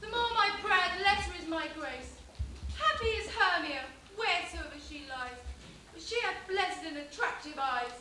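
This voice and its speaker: A woman's voice: very high voice, expressive, moderate pace, sharp tone, heavily acted. A young woman playing an insecure, lovelorn young woman, declaiming impassioned verse. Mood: pleading. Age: young adult. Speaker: amateur stage actor. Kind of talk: live school stage play. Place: school hall stage. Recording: echoey hall, distant mic, faint hiss.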